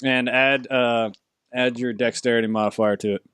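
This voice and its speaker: A man's voice: medium pitch, fairly even intonation, moderate pace, fairly bright tone, clean tone, dry recording. A man running a tabletop game for friends, rambling with restarts and laughing asides. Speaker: game master.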